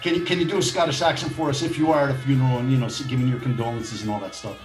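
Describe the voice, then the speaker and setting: A man's voice: mid-range voice, fairly even intonation, rapid-fire, faint music behind. A man co-hosting a casual podcast, talking in a playful, teasing way with lots of fillers. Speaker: podcast co-host.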